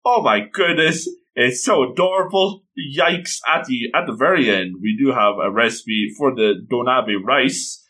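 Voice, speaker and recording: A man casually reading through a manga chapter, gushing over it and doing quick voices for the characters. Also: mid-range voice, pushed and bright. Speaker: manga reader and reviewer. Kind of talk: casual read-through commentary.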